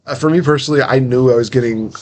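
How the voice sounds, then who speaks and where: A young podcast host runs a casual interview, chatty and rambling, acting out short quotes as he tells his stories. His voice is medium-pitched and fast.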